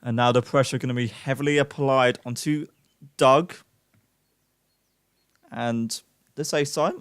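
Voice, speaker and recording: A young man giving live play-by-play esports commentary, excitable, with self-mocking asides to chat. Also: medium pitch, unhurried, clean tone, dry recording, clean studio sound. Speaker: esports caster.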